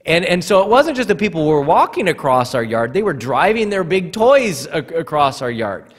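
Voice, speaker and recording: A man's voice: on the high side, very animated, moderate pace. A man preaching a sermon as pastor, earnest, often repeating words as he starts a phrase. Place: church sanctuary. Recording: church hall reverb.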